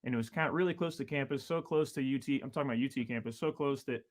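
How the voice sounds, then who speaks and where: Man, 30s, guest drummer; loose, rambling storyteller, fillers throughout, mid-pitched voice. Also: rapid-fire. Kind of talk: casual storytelling chat.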